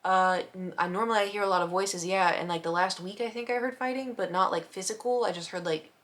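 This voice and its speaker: A young woman casually telling a neighbor story, acting out quotes and sound effects in a chatty, animated way. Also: medium pitch, quick pace.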